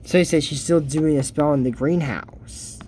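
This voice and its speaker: A man's voice: fairly high pitch, normal speed, a little mellow, slight background noise. A man giving casual, rambling reaction commentary on a cartoon episode for his YouTube channel, laughing at his own jokes.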